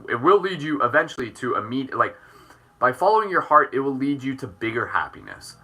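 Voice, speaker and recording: A man leading a guided chakra meditation as host, gentle and jokey, with playful dad-joke asides. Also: medium pitch.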